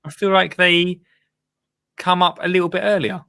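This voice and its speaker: A man's voice: high-pitched, fairly even intonation, moderate pace, gravelly, sharp tone. A man hosting a casual chat show, bantering and laughing often. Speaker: host.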